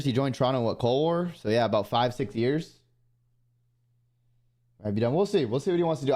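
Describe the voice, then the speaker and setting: Chill young guy streaming, just chatting, trails off a lot, mid-pitched. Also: darkish tone. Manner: laid-back, trails off into fillers. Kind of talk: casual stream chat.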